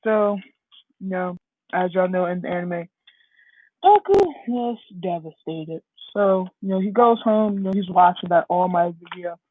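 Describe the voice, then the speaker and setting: A woman's voice: lowish voice, animated, a little slow, slight background noise. A woman casually telling a fan-made story, rambling with many fillers. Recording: husky, dry, phone-like lo-fi audio.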